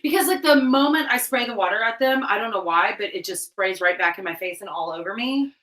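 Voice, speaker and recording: A young woman co-hosting a casual livestream chat, rambling and giggling, getting loud and excited as she tells stories. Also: medium pitch, a little fast, recorded from a distance. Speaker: livestream co-host. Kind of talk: casual chat while cleaning tack. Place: room at home. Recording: roomy echo.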